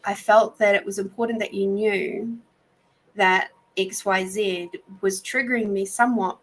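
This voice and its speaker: A woman's voice: mid-range voice, poor audio. A woman hosting a live intuitive reading session, chatty and giggly as she talks to viewers. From Australia. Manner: chatty, giggly, warm storyteller. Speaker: intuitive reader and podcast host.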